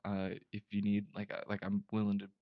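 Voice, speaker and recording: A man's voice: fairly low pitch, monotone, a little fast, no room sound, narrow, tinny audio. A young man co-hosting a podcast, telling a long story in casual chat with many restarts and fillers. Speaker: podcast co-host.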